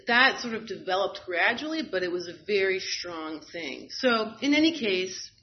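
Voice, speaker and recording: A woman's voice: mid-range voice, lively intonation, moderate pace. A woman candidly telling a personal story in a frank, wry way, with fillers and bursts of laughter. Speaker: guest sharing a personal story. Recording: slightly dull audio with faint noise.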